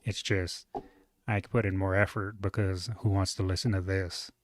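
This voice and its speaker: A man with a moderately deep, lowish voice talks through a reaction video in an easygoing, rambling way. The sound is dry and close, with no room around it. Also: moderate pace, no echo. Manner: relaxed, chatty, thinks aloud with fillers. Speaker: reaction streamer. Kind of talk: casual reaction commentary.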